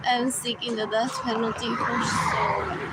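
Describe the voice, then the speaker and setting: A woman's voice: on the high side, flat delivery, moderate pace. A woman rambling through a live-stream monologue, often repeating herself and laughing between phrases. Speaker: livestream host. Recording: loud street traffic noise.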